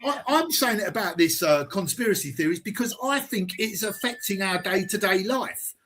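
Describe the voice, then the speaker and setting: A man hosting a live stream, arguing heatedly, swearing and firing rapid rhetorical questions. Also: high-pitched, expressive, fairly bright tone.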